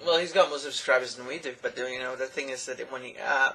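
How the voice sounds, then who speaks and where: A drunk man ranting loudly and profanely in a casual video chat. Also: mid-range voice, steady tone, fast talker, heavy background noise. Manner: loud, emphatic, profane. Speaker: video blogger.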